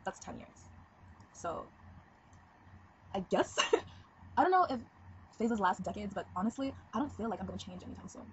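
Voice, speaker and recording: A woman's voice: mid-range voice, lively intonation, moderate pace, pauses often. A seventeen-year-old girl talking frankly in a casual confessional vlog, rambling and giggly. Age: teens. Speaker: vlogger. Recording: dull lo-fi webcam audio with faint noise.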